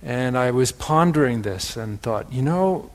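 A man with a Wisconsin accent teaching in a slow, reflective way, turning words over and repeating them as he goes. His pitch sits in an ordinary middle range, and the sound carries a long hall reverb. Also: expressive. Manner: gentle, pondering, repeats words for emphasis. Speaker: spiritual teacher.

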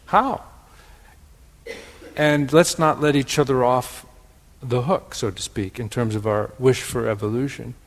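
A man with a Wisconsin accent giving a gentle, pondering spiritual teaching, often repeating words for emphasis. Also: medium pitch, in a large hall.

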